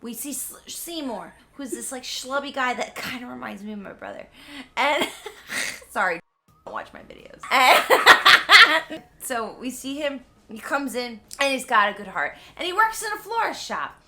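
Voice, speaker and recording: A tipsy woman recaps a story in a rambling, giggly way and keeps stumbling over her words. Her voice is high and animated, with a sharp, bright edge. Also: a little slow. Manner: rambling, giggly, self-interrupting. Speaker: vlogger. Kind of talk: casual comedic retelling.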